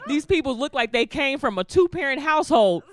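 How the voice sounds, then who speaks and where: Animated woman stand-up comic. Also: high-pitched, fairly quick, background noise. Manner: animated, laughing storytelling that slips into character voices. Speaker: stand-up comedian. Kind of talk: stand-up comedy set. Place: comedy stage before a live audience. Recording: live stage with audience laughter.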